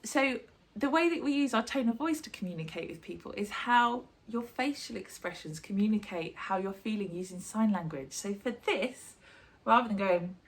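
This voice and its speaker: A woman's voice: medium pitch, expressive, moderate pace. A woman, a drama teacher, giving a chatty and encouraging online sign language lesson.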